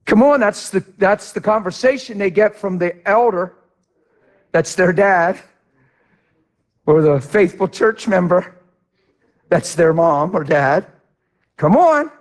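A middle-aged man preaching a sermon with impassioned delivery, swinging from hushed to loud. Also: high voice, animated, takes it slowly, pauses often. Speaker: pastor.

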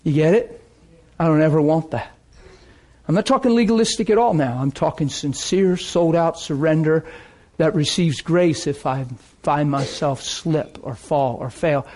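High-voiced fervent male preacher. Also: husky. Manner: fervent, emotional, swings from loud outbursts to hushed intensity. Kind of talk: sermon.

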